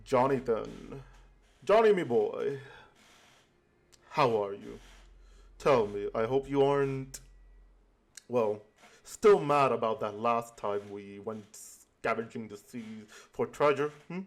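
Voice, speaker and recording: A man's voice: medium pitch, slow pace, long pauses. Man doing a boisterous pirate captain. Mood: teasing. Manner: hearty sailor slang, calls others mate.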